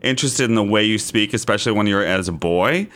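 A man co-hosting a podcast, chatting and reading research aloud at a measured pace. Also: lowish voice, fairly bright tone. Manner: conversational, reads notes aloud deliberately. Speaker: podcast co-host. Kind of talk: casual podcast chat.

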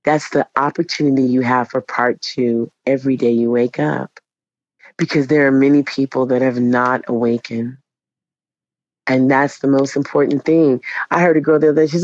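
A woman's voice: extremely low pitch, normal speed, no echo. Woman teacher, podcast guest; dramatic, profane raconteur; dull dry lo-fi sound. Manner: animated, profane, dramatic storyteller. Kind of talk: casual podcast chat.

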